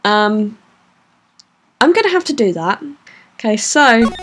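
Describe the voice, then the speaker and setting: Slow-talking woman gaming host. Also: on the high side, very animated, a bit bright. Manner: chatty, laughs easily, hesitant fillers. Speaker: let's play host. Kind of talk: casual game commentary and reading aloud. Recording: game music under voice.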